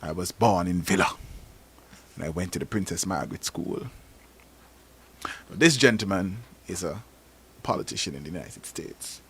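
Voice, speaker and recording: A man from Antigua with an Antiguan accent, telling stories on a talk show in an animated, emphatic way. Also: sits low, moderate pace, pauses often, slightly rough. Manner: animated storytelling, rising to emphatic peaks. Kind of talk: casual talk show discussion.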